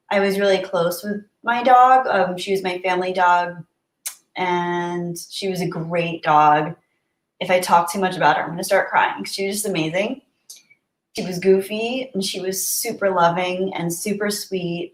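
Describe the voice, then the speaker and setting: A woman hosting a casual livestream, chatting warmly and reading viewer messages aloud. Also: fairly low pitch. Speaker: livestream host. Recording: roomy echo.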